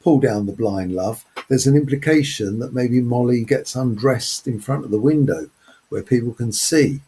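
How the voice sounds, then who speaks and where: A man's voice: mid-range voice, moderate pace, mellow, slightly rough. A man presenting a close reading of a novel, talking through passages in a hesitant way with many fillers. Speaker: literature presenter. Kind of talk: unscripted close-reading commentary.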